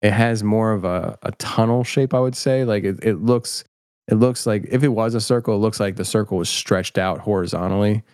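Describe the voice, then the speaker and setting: A man's voice: on the low side, normal speed, a little mellow, smooth, no echo, clean studio sound. A middle-aged man chatting casually as an interview guest, rambling and self-deprecating with many restarts. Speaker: podcast host, guest filmmaker.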